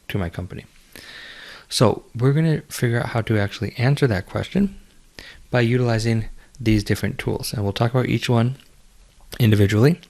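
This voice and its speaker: A man lecturing on finance in a measured, explanatory way, with fillers and restarts. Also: lowish voice, darkish tone. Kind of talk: recorded lecture.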